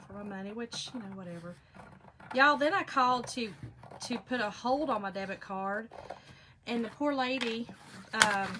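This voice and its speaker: A woman's voice: medium pitch, noisy background. A woman hosting a chatty crafting live stream, rambling and laughing as she talks to her viewers while she works. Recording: clicking noises in the background.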